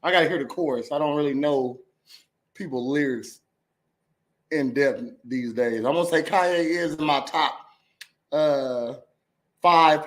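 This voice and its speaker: Halting male reaction host. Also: a little high, a bit bright. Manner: halting, many fillers and restarts. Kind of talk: casual reaction commentary.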